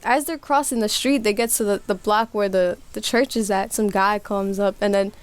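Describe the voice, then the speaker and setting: A woman's voice: mid-range voice, normal speed, clear, resonant tone. Slangy young woman telling a wild story. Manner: animated storytelling with voiced quotes, slangy and profane. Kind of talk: casual chat.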